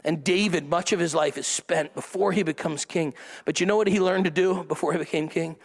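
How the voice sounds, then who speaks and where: A man's voice: fairly high pitch, a little fast, vocal fry, in a large hall. A middle-aged man preaching a sermon to a church congregation, with a chatty style full of asides that calls on the crowd to answer. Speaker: pastor. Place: church service before a congregation.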